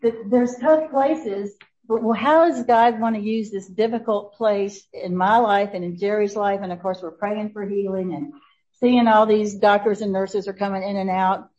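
A woman's voice: mid-range voice, fairly even intonation, normal speed, a little mellow. Older woman, personal testimony, storytelling, laughing often, muffled recording. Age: 70s. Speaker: speaker sharing a testimony.

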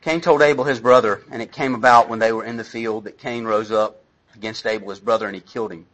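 A man's voice: on the low side, fairly even intonation, quick pace, a bit bright, rough recording. A middle-aged man, a pastor, preaching a sermon in a conversational, self-deprecating way, with asides to the congregation.

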